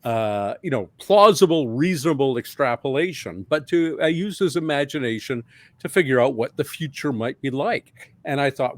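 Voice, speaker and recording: A middle-aged man from Canada, the guest author on a podcast, telling stories in a lively way. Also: medium pitch, normal speed, no echo. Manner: lively storytelling. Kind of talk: podcast interview.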